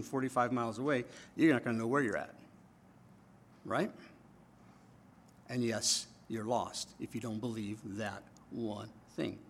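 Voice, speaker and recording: A man preaching a sermon in a church, his voice sitting at an ordinary middle pitch. He talks to the congregation like a conversation and keeps checking in with them. He shifts between loud, emphatic bursts and quiet, low asides. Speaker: pastor.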